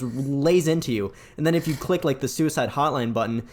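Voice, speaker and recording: A man's voice: medium pitch, brisk, hardly any pauses. A man co-hosting a casual podcast, animatedly retelling game scenes and mimicking a villain in a mocking voice. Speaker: podcast co-host. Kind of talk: casual chat about video games.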